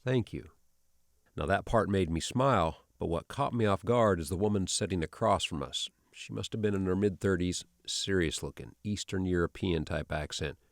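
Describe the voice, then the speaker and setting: A man narrating online stories and comments in a steady, even reading delivery. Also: sits low, moderate pace, hardly any pauses, no room sound, studio quality. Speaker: channel narrator.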